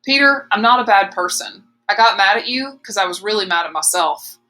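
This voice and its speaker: A woman reading the part of a remorseful teenage boy who speaks gently and earnestly in an audiobook. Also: mid-range voice, animated, brisk, faint music behind. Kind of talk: audiobook character voice.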